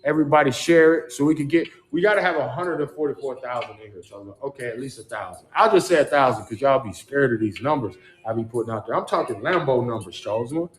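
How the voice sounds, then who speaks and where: A man's voice: medium pitch, lively intonation, quick pace, hardly any pauses, echoey room. A man hosting a casual livestream monologue, rambling in slangy, profane street talk and repeating the same refrain words again and again. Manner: rambling, repeats "Charles" and "chosen one" as a refrain. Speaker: livestream host. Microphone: phone.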